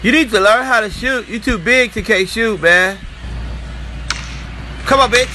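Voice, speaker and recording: A brash man trash-talks his way through comedy voice-overs in a high, bright voice. Faint noise sits under it. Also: normal speed. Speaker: comedy voice-over artist. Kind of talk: comic voice-over dubbing.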